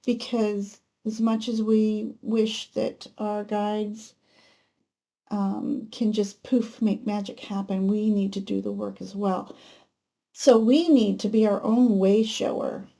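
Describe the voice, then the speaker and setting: Woman tarot reader with a mellow, fry-edged voice. Gentle, unhurried spiritual talk. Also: mid-range voice, level tone. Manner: gentle, unhurried, spiritual musing with many ums. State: emotional, close to tears at times. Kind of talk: pick-a-card tarot reading.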